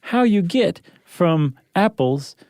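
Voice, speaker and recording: A man's voice: high voice, lively intonation, slow pace, darkish tone, no echo, studio quality. A man from the United States co-hosting a casual podcast chat, playful and jokey, often laughing. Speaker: podcast co-host.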